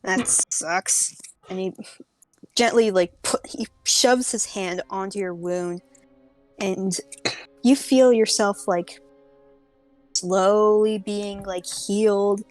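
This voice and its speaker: Slow-talking woman game master, casual delivery, faint music behind. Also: medium pitch, steady tone, a little mellow, no echo. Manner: casual, lots of filler words. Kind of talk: narrating a tabletop game.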